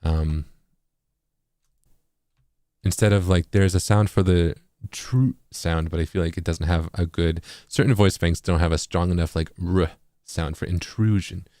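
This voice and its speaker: A low-voiced man with an East Coast accent explains his process in a loose, casual way. He leans on fillers and says words aloud to show their sounds. The recording is close and dry. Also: measured pace, dry recording. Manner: relaxed, filler-heavy, sounds words out as examples. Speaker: music producer and streamer.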